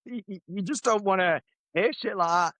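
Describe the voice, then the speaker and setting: A man's voice: high voice, moderate pace, fairly bright tone, no room sound. A man co-hosting a podcast, bantering and laughing through family stories in casual chat. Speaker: podcast co-host.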